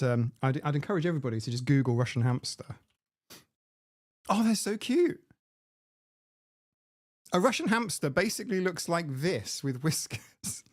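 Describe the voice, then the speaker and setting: A man's voice: fairly high pitch, no room sound, studio quality. A man hosting a casual live stream, chatting in a rambling way and laughing at his own jokes. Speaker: livestream host. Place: home room. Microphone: desk mic with mixer.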